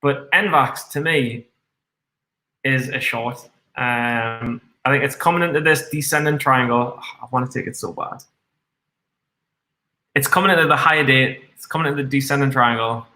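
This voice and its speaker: A man's voice: medium pitch, normal speed, bright, forceful tone. A man streaming his live stock trades, swearing constantly and reading chat aloud while a bit tipsy on red wine. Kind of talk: live trading commentary. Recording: echoey room.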